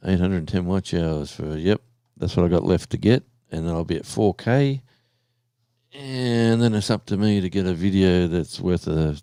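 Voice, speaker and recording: Easygoing Australian guy hosting a live stream, low mellow voice, dry close sound, rambling chatty delivery. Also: normal speed, smooth, no room sound. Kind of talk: casual live stream chat.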